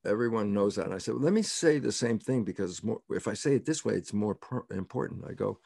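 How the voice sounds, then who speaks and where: Older man, low gravelly voice, emphatic interview explanations, repeats key words, dry close sound. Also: normal speed, mellow, no room sound. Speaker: interview guest, scientist.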